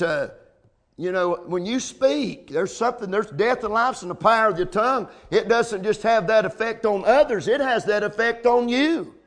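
Male preacher, high-pitched, folksy sermon delivery with amens. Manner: preaching with call-outs of amen and come on now.

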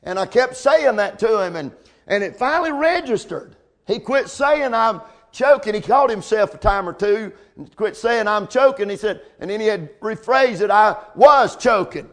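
High-voiced preacher man. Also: lively intonation, moderate pace. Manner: preaching with call-outs of amen and come on now. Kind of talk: sermon.

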